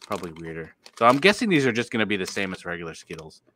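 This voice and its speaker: Excitable, swearing man in casual chat. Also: sits low, racing, a little hiss or hum. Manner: loud, excitable, laughing, swears often. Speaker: podcast co-host.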